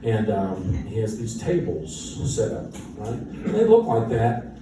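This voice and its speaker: A band musician telling an animated, self-mocking story with frequent laughter. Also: male voice, on the low side, a little slow. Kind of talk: casual anecdote storytelling. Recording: echoey room, distant mic, noisy.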